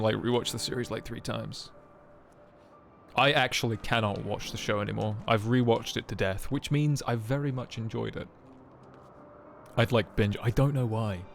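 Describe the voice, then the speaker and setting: A young adult man streams a game with faint game music behind him, chatting casually and rambling with plenty of self-mocking jokes. His voice is gravelly and medium-pitched, with a steady tone at normal speed, and there's slight background noise.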